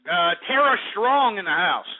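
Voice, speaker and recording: Rowdy high-voiced man on a tinny line. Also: very animated, a little slow. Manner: loud, boisterous, drinking beer and laughing between lines. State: out of breath. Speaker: radio show host. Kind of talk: rowdy live internet radio banter. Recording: tinny phone-like line with faint music.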